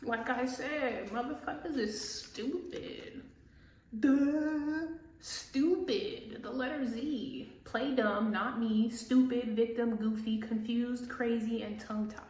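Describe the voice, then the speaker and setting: A woman's voice: a little high, takes it slowly, few pauses, a little mellow, echoey room, a little hiss or hum, rough recording. A woman tarot reader ranting casually, profane and scornful, mocking people she disagrees with in quoted voices.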